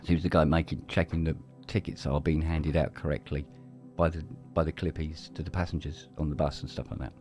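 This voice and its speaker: A middle-aged man talks in casual podcast chat, his voice low and mellow. He tells stories loosely, swearing freely and restarting sentences. Faint music plays behind him. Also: fairly even intonation, fairly quick, few pauses. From London, England. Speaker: podcast co-host.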